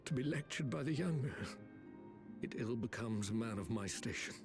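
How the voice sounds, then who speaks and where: A man's voice: mid-range voice, animated, moderate pace, over music, lightly acted. A man playing a haughty old noble. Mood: grudging. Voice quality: pompous, formal. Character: proud older male noble, stiff and haughty. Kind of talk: video game cutscene dialogue.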